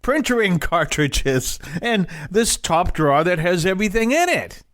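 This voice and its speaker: A man's voice: sits high, sing-song, a little slow, a bit bright, no echo. Chatty male Bible teacher, dry close sound. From Boston area. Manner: conversational, digressive, with jokey asides.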